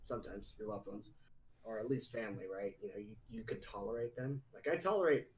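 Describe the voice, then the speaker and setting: A man's voice: lowish voice, animated, brisk, a little mellow, low-quality recording. A man co-hosting a live video game podcast, talking casually, teasing his co-host and laughing often. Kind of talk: casual chat. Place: studio or home room, live podcast.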